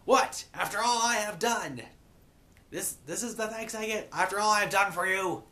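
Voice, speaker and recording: An upset young cartoon princess, put on by a man with wounded pride. The voice jumps up high and comes out bright and sharp. She wails her lines with indignant disbelief. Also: moderate pace. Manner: indignant, wailing.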